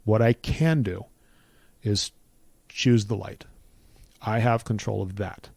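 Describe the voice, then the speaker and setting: A man's voice: fairly low pitch, fairly even intonation, slow pace, creaky, darkish tone, no echo. A middle-aged man giving an earnest personal testimony in conversation, building his points with repeated phrases like a preacher.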